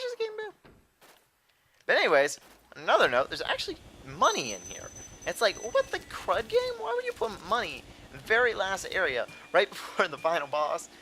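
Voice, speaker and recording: A man's voice: mid-range voice, sharp tone, slight background noise. A young man hosting a let's play, with goofy, self-mocking commentary. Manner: goofy, self-mocking, jumps into silly voices. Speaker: gaming channel host. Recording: faint game music behind.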